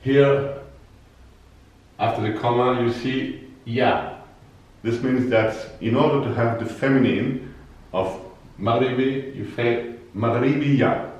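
Slow, careful male Arabic teacher. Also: mid-range voice, fairly even intonation, darkish tone. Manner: slow, careful, repeats words for learners. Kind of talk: language lesson. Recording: echoey distant room, dull sound.

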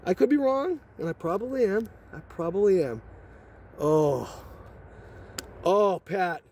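A man's voice: sits high, expressive, unhurried, a little mellow, a little hiss or hum. Hyped man exclaiming over cards. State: shaking with excitement. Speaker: card-opening video host. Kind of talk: excited box-opening vlog.

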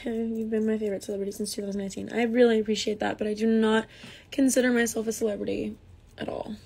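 A woman's voice: fairly high pitch, level tone, fast, vocal fry, a little mellow, breathy edge. A young woman from the United States chatting casually on a phone livestream, reading comments aloud and answering them.

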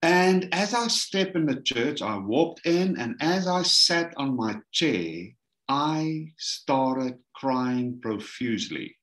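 A man's voice: mid-range voice, animated, takes it slowly, fairly bright tone, roomy sound. A middle-aged South African man telling his life story in an interview, acting out the voices of the people in it. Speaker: guest telling his testimony.

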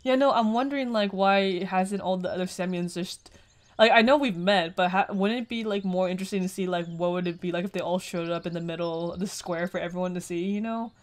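Low-voiced young woman doing loose gameplay commentary. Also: a little fast. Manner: loose, swearing, rambling. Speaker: let's play gamer.

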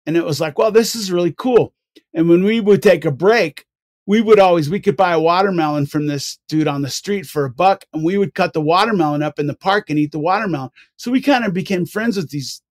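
An older man, a guest on a podcast, telling rambling, animated stories with many restarts. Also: a little high, no echo. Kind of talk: casual interview storytelling.

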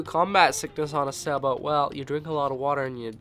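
A man's voice: mid-range voice, steady tone, quick pace, a bit bright, slight background noise. A young man vlogging casually from a sailboat, rambling and jokey, his nose still stuffy from a cold. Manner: laid-back, rambling, jokey. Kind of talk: casual vlog talk to camera. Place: aboard a sailboat.

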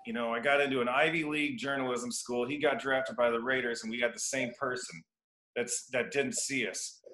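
A man in his fifties from Iowa chats as a guest on a podcast, spinning long anecdotes full of restarts and acted-out quotes. His voice is bright and forceful at an ordinary pitch. The room gives it a noticeable echo. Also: steady tone, fairly quick. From Iowa, United States. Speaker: guest educator. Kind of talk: casual storytelling interview. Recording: roomy echo.

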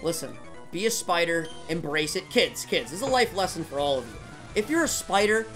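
A man's voice: on the high side, very animated, a little fast, a bit bright, soft background music. A man co-playing as guest in a casual gaming commentary, teasing and goofy. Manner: teasing, jokey, goofy bits. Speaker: co-player guest.

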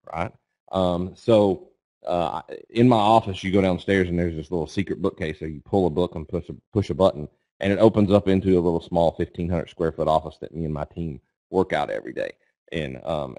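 A middle-aged man from Eastern Kentucky, with the accent to match, speaks in a low, darkish voice on a dry recording. He's a guest speaker on a trading webinar, folksy and casual, checking in with listeners by asking "okay?" and "right?".

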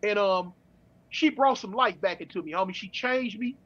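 A middle-aged man from California telling his story in casual street slang, with halting restarts, over a dull remote call. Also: high-pitched, a bit bright. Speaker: guest.

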